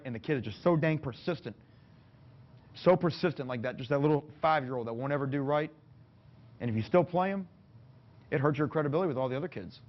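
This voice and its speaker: A rapid-fire football coach holds forth to a room of fellow coaches. He is folksy and plain-spoken and mixes jokes into his points. The recording sounds muffled and lo-fi. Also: medium pitch. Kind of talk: clinic talk to coaches. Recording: dull lo-fi recording.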